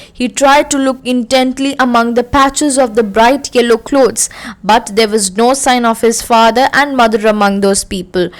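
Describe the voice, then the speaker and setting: A woman teacher reading a story aloud slowly and carefully, then explaining it to her class. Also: fairly high pitch.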